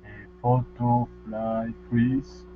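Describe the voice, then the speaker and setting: A man's voice: medium pitch, level tone, very slow, soft background music. A man reading pronunciation words aloud hesitantly in an online class. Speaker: student. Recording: tinny phone-like call line with faint hum.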